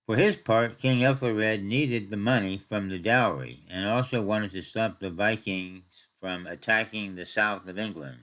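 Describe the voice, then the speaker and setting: Guy with a lowish voice doing measured history narration, kinda muffled lo-fi sound. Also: fairly bright tone. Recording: dull lo-fi audio.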